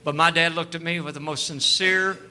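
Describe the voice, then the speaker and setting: Midwest preacher guy, super bright tense voice, acts out all the dialogue, gets loud. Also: on the high side, steady tone, brisk, a little hiss or hum. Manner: storytelling, acts out dialogue, rises to shouting fervor. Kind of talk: sermon testimony.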